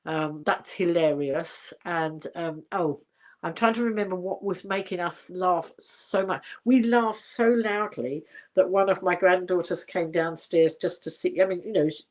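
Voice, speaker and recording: A woman's voice: on the low side, measured pace, a little mellow. Older woman chatting casually on livestream. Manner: rambling and chatty, many fillers and restarts; reads out viewer comments. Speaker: livestream host.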